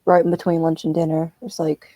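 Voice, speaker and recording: A woman chats casually as she knits, ranting and swearing freely. Her voice sounds mellow and dark. It is recorded dry and close, with no room sound. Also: low voice, monotone, a little fast, no room sound. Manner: profane, ranting storyteller. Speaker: streamer. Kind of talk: casual chat while knitting.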